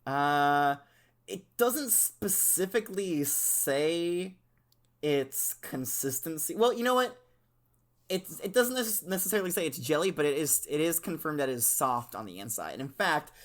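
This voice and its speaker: A man's voice: on the high side, lively intonation, unhurried, fairly bright tone. A man hosting a casual comedic podcast chat, laid-back and chuckling, swearing casually as he talks. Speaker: podcast host.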